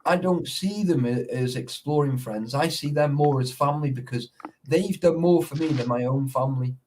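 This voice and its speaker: A man, telling stories in a sweary, animated casual chat about urban exploring. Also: fairly high pitch, normal speed, a little hiss or hum.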